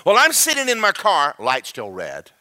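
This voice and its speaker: A man preaching a sermon through a story, fast and animated, rising into shouted praise. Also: sits high.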